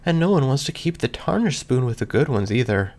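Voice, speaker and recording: A man voicing a cheerful, gentle pony mare who talks in a soft, earnest, lilting way. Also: mid-range voice, sing-song, a little fast. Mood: gentle coaxing.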